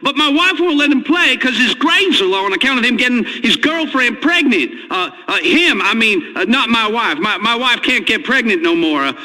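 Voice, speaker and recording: A man's voice: very high-pitched, lively intonation, moderate pace, hardly any pauses, pushed and bright, long reverb tail, heavily acted, rough recording. An actor playing a bumbling, crying man calling in to a radio show, stammering and hesitant. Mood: tearful. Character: weepy, bumbling male caller to a radio show. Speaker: caller.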